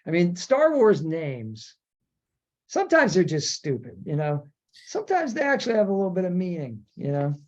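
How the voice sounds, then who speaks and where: A man hosting a podcast in casual chat, rambling and animated, acting out quotes as he goes. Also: high-pitched, moderate pace. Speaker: podcast host. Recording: dull lo-fi audio.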